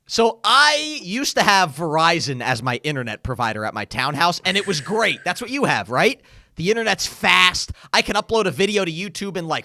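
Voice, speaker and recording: A young man co-hosting a podcast, telling stories in a casual, animated chat. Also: sits high, dry recording, studio quality. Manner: animated storytelling, frequent "like". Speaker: podcast co-host.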